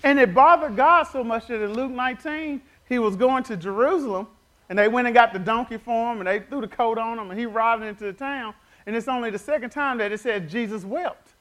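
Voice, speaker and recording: A man preaches in a high, ringing register. His voice is bright and pointed as he tells family stories and pulls the congregation into call-and-response. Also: brisk. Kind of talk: sermon.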